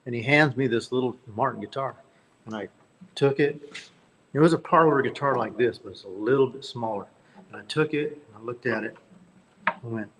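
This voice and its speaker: Gravelly-voiced songwriter guest, spins folksy yarns with lots of restarts. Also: male voice, mid-range voice, moderate pace, long pauses, fairly bright tone. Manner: folksy, rambling anecdotes with repeated restarts. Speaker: guest, country singer-songwriter. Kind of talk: storytelling interview.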